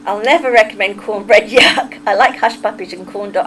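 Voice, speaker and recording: A woman's voice: mid-range voice, brisk, a bit bright, poor audio. A woman with an English accent chats casually with her livestream viewers, answering their comments as they come in. She laughs often and tends to wander off on tangents. A faint hum of background noise sits under her voice. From England. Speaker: livestream host. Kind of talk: casual chat reading a live chat.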